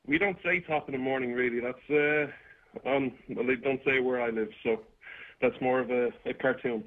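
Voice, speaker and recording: A man's voice: medium pitch, steady tone, moderate pace. An Irish man calling in to a radio show, from Ireland, hesitant and full of fillers. He comes through a thin, tinny internet call line. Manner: hesitant, many uh and um. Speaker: caller.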